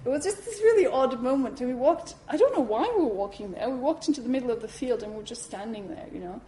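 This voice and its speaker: A woman giving a talk at a Buddhist centre, telling a personal story in a lively way, acting out her reactions and saying "you know" often. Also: a little high, quick pace, slight background noise, poor audio.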